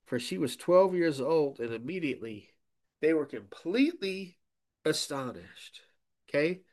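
A pastor delivering a sermon in a fairly high male voice. He preaches emphatically, turning to the congregation with "okay?" and dropping from loud points to quiet asides. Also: big pitch swings, measured pace. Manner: emphatic, often checks in with the congregation.

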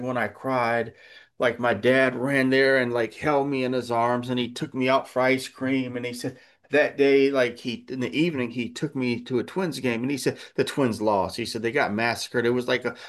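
A male pastor delivers a sermon in an easy storytelling manner. His voice sits at a middle pitch. He backtracks and restarts often, then climbs higher and louder when he presses a point. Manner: storytelling, conversational, retelling with many restarts and fillers; rises in pitch and volume when preaching a point.

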